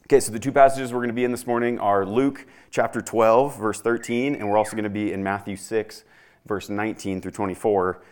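A young man delivers a sermon in a relaxed, conversational way. His voice sits somewhat low, and he reads scripture aloud, then explains it plainly to the congregation. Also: fairly quick. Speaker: pastor.

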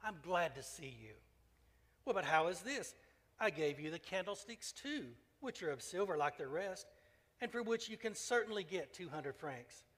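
A man reading as a gentle, merciful old bishop. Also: high voice, normal speed, big-room sound, pitched above the performer's own voice, exaggerated voice. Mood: gently solemn. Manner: calm, kindly, solemn. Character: gentle elderly male bishop, merciful and solemn.

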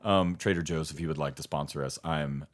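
A man's voice: very deep voice, quick pace. A young man co-hosting a podcast, telling stories in a rambling way, laughing often and trailing off mid-sentence. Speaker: podcast co-host. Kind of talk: casual podcast chat.

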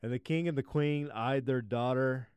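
A man's voice: mid-range voice, moderate pace, darkish tone, clear, resonant tone, no echo. A man hosting a podcast, retelling a fairy tale with crude, profane asides. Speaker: podcast host, storyteller.

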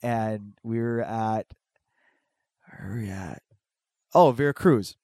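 A man's voice: lowish voice, slow, darkish tone, dry recording, studio quality. A man telling a long personal story in casual chat, rambling and swearing, with many restarts. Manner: acts out quoted people in a raised voice.

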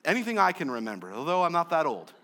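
Male pastor, sermon, slightly high voice, bright tone, conversational, jokey asides. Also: sing-song, fast. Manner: conversational, joking asides, wide swings from loud to soft.

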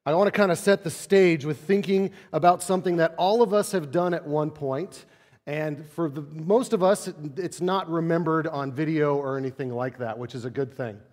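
A man, a pastor, preaching a sermon in a conversational way, dropping to soft low tones to stress a point. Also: moderate pace, big-room sound.

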